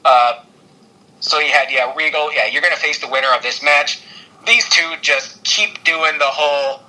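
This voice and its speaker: A man co-hosting a podcast, rambling excitedly through a wrestling recap with lots of fillers and laughter. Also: medium pitch, moderate pace, rough recording. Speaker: podcast co-host. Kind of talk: casual wrestling recap chat.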